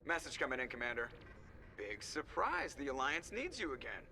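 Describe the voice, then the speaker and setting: A man's voice: mid-range voice, huge pitch swings, moderate pace, noisy background. An actor playing a wry male starship pilot in a video game, delivering comms with dry sarcasm. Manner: dry, sardonic. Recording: game audio under music.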